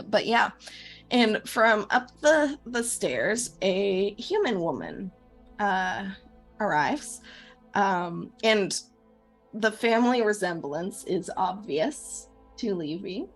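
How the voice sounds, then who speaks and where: Lady gm describing a scene, slow and halting, lots of ums. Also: medium pitch, lively intonation, faint music behind. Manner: hesitant, many ums and pauses. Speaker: game master. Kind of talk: narrating a tabletop game.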